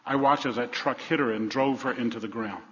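A man preaching a sermon as pastor, repeating phrases for emphasis and dropping from loud to hushed. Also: mid-range voice, fairly quick. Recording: reverberant hall, dull sound.

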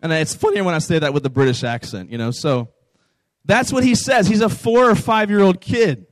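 A man preaching in a loose, chatty way to a youth camp crowd, pitched a little above the usual male range. His voice sounds dry and close, with no room echo behind it. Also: fairly quick. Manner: conversational, informal, asks the audience questions. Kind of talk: sermon.

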